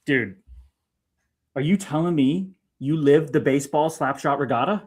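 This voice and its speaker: A man hosting a casual livestream chat, relaxed and laughing often, calling everyone "dude". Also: fairly high pitch, normal speed. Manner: laid-back, peppered with "dude", laughs often. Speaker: host.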